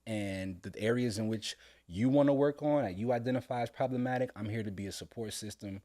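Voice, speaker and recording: A middle-aged man talking earnestly with his son on a casual podcast, heartfelt and sometimes breaking into loud laughing storytelling. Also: lowish voice, a little fast. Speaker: podcast co-host, father. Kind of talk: casual father-son conversation.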